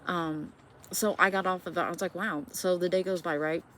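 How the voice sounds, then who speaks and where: A middle-aged woman from Indiana with a somewhat low voice tells a spooky story straight to her viewers. She rambles casually, swears, and keeps checking in with them. A faint hum of background noise sits under her voice. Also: fairly even intonation, moderate pace, a bit bright. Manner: chatty, swearing, many fillers and asides to viewers. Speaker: vlogger.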